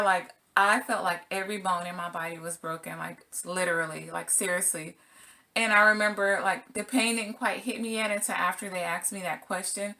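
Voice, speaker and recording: Woman, middle-aged, casual storytelling, animated, acts out her reactions, sharp bright voice. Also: mid-range voice. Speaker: single mother vlogger.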